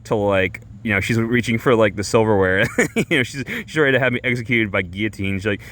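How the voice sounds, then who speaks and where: A man streamer telling a rambling comic story, halting and full of fillers and restarts. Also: lowish voice, fairly bright tone. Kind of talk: rambling comedic monologue.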